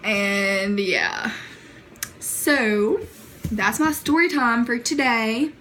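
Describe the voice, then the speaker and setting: A woman's voice: fairly high pitch, expressive, extremely slow, a bit bright, a little hiss or hum, low-quality recording. A woman with a Southern US accent chatting in a casual storytime vlog, rambling with lots of fillers, giggly and self-deprecating. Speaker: vlogger.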